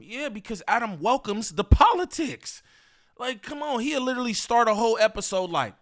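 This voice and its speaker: Male commentator with a higher voice, casual slang, loose repeating delivery. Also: expressive, normal speed, fairly bright tone. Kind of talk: reaction commentary.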